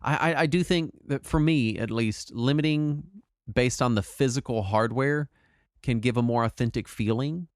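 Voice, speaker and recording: A man in a casual podcast conversation with a mid-range voice, recorded close and dry with no room sound. He talks in an animated, emphatic way, stumbles over restarts and swears now and then. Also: medium pitch, moderate pace, no room sound. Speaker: podcast co-host.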